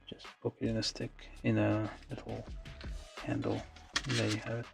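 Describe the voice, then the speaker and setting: Brief: gravelly-voiced man, slow and mumbling, streaming a model build with music underneath. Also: on the low side, completely flat delivery. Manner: mumbling, thinking aloud, many fillers. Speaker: model kit livestreamer. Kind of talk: casual talk while building. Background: background music.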